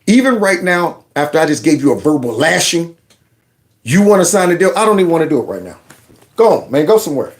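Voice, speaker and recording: A man's voice: a little high, very animated, fast talker, pitched below the performer's own voice. A man impersonating an irritated, blunt older male head of state, scolding in casual slang. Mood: exasperated.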